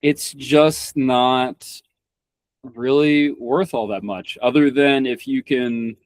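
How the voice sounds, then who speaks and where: A man's voice: medium pitch, fairly even intonation, slow pace, dry recording. Young man from Kentucky, rambling. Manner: rambling, frequent restarts and stammered repeats; blunt, swears freely. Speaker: podcast guest. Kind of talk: casual conversation.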